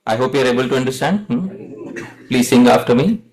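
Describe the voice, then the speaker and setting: A man's voice: mid-range voice, lively intonation, brisk, a little mellow, low-quality recording. Man teaching a devotional class. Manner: asks the audience questions, addresses them as dear devotees. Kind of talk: devotional lecture with call-and-response chanting.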